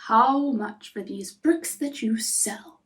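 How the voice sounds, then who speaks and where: A woman voicing a thrifty, hardworking little pig, speaking slowly and deliberately. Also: fairly high pitch, distant mic.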